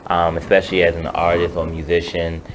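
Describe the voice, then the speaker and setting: A man's voice: sits low, completely flat delivery, a little fast, a little hiss or hum, poor audio. A man in his thirties, a musician guest on a radio show, talking in an earnest, rambling way. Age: 30s. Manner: earnest and rambling, many "um" and "you know". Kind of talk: casual interview chat.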